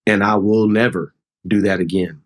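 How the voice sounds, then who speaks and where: A man's voice: fairly low pitch, steady tone, normal speed. A middle-aged man, a pastor, telling a personal story in an earnest, heartfelt, conversational way. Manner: earnest, heartfelt, re-enacts dialogue. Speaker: pastor, guest.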